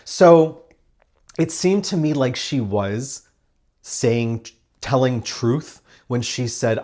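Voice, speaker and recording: A man's voice: medium pitch, big pitch swings, takes it slowly, a little mellow. A man giving a casual spoken review of a TV episode, emphatic and opinionated, with sarcastic, dismissive asides. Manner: emphatic and opinionated, acts out quoted lines.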